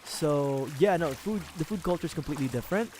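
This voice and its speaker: A man's voice: a little high, expressive, quick pace, darkish tone, a little hiss or hum. A man from the Philippines chatting casually with viewers on a gaming livestream, laughing often and swearing freely as he rambles.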